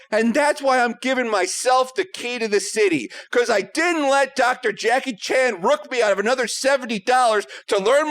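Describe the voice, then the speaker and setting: A man guesting on a comedy podcast, telling a story in an animated way, acting out both sides of each exchange and swearing freely. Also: very high voice, slight background noise. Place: podcast studio.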